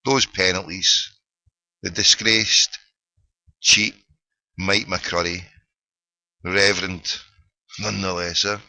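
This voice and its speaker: A man's voice: low voice, little pitch movement, slow, gravelly, long pauses, pushed and bright, dry recording, poor audio. A middle-aged man with a Glaswegian accent hosting a phone-in podcast, ranting sarcastically and swearing freely in casual solo commentary. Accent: Scottish, Glaswegian.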